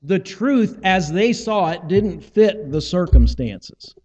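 Slow, mellow, and expressive, this high-pitched male voice belongs to a pastor giving a conversational sermon. He dramatizes the lines of biblical dialogue while retelling them, recorded in a large hall with the highs cut off.

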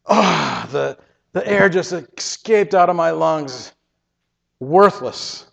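A man with a fairly high voice tells an earnest first-person story, stumbling and repeating words as he goes. The recording is dull and lo-fi, with a long reverb trailing his words. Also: expressive, takes it slowly, vocal fry, fairly bright tone. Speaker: storyteller giving a testimony.

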